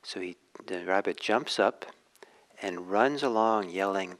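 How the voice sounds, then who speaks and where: A male meditation teacher telling a teaching story in a dharma talk, gentle and unhurried, with frequent hesitations. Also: sits low, low-quality recording.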